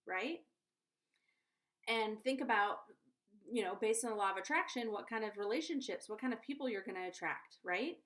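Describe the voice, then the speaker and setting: Woman talking to camera about parenting, earnest and chatty, keeps checking in with whoever's watching, mid-pitched voice. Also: moderate pace, a bit bright. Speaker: conscious parenting coach. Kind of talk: casual advice vlog to camera.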